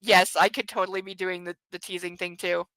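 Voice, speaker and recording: A woman hosting a book club reads a novel aloud, breaking off for mocking asides and laughing often. Her lowish, fairly bright voice is brisk with little pitch movement, and the recording is dry and low-quality.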